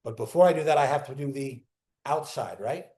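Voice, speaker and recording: A man's voice: mid-range voice, fairly quick. A man teaching a calculus class live, walking students through each step and asking them questions as he goes. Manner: animated, talks students through steps with questions. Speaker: calculus lecturer.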